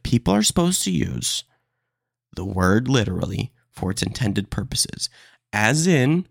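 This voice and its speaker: A man hosting his own podcast, ranting in a casual, animated way and calling listeners "dude" and "man". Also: mid-range voice, vocal fry, no room sound, studio quality. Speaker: podcast host. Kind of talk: solo casual podcast rant.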